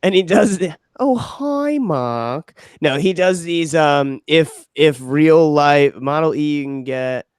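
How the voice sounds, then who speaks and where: A man in relaxed, profane podcast banter. His voice sits a bit high, and it comes through clean and smooth, with a close, dry studio sound. He laughs easily while retelling things. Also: measured pace, few pauses, no echo. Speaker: podcast co-host. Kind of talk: casual podcast chat.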